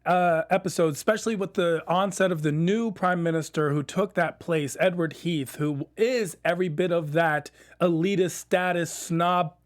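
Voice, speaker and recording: A man's voice: sits high, normal speed, few pauses. A man co-hosting an online TV after-show, joking with wordplay and then giving earnest commentary. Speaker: co-host. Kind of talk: casual TV recap chat.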